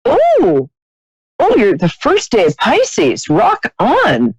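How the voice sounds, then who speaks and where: A woman's voice: a little high, huge pitch swings, slow pace, breathy edge, dry recording, highs cut off. Woman, psychic radio host, chatty, laughs a lot, dry close sound. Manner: chatty, warm-hearted, laughs often, trailing restarts. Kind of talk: live call-in psychic reading.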